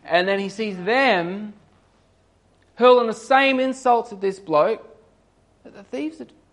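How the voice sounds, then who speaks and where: A young man giving a casual sermon, telling a story and acting out the voices of its characters, rising to loud emphatic peaks. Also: high-pitched, a little slow. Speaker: preacher.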